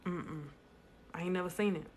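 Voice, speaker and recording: A woman's voice: on the low side, fairly even intonation, normal speed. A woman speaking bluntly and emphatically to viewers in a casual live stream, repeating lines for stress. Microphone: phone.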